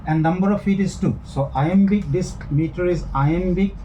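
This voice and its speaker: A man's voice: high-pitched, moderate pace, dark tone, slight background noise, low-quality recording. A man teaching a recorded lecture, explaining step by step with frequent fillers and restarts.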